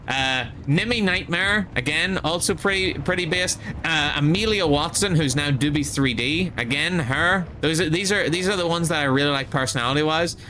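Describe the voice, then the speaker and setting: A young man streaming live, tipsy and chatting casually in a rambling, excitable way, full of restarts. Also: a little high, a little hiss or hum.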